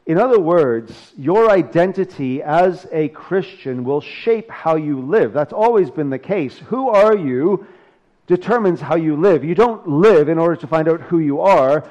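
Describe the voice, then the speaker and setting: A man's voice: a little high, expressive, moderate pace, hardly any pauses, warm tone, lo-fi sound. A male pastor preaching a sermon, talking casually and joking between his scripture readings.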